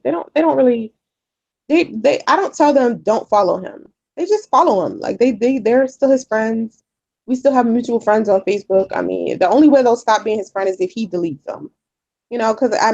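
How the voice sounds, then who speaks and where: A woman's voice: fairly high pitch, creaky, darkish tone, lo-fi sound. A woman vlogger chatting candidly with her viewers, rambling with many fillers and repeats. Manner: chatty and candid, often swears. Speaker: vlogger answering viewer comments. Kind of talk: casual chat.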